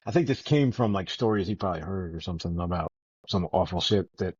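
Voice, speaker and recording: A man's voice: deep voice, animated, fast, a little mellow, slightly rough, no room sound. A man co-hosting a podcast about a novel, joking and swearing as he rambles through the discussion. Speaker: podcast co-host. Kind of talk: casual book-club chat. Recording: dry, dull lo-fi podcast audio.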